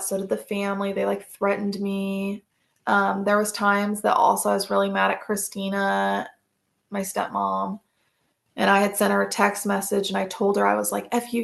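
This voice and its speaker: A woman's voice: medium pitch, vocal fry, a bit bright. A woman, a podcast guest, telling personal stories in a casual, rambling way, full of fillers and restarts.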